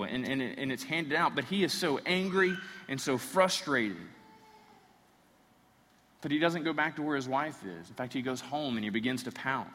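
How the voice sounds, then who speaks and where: A man preaching a sermon, retelling a story in an animated way with playful asides. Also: medium pitch, a little hiss or hum. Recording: reverberant hall.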